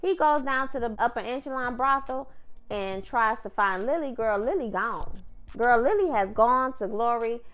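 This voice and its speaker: A woman's voice: on the high side, lively intonation, moderate pace, fairly bright tone. A woman casually recapping a TV episode in a chatty, slangy way, often calling her viewer "girl". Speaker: TV recap vlogger.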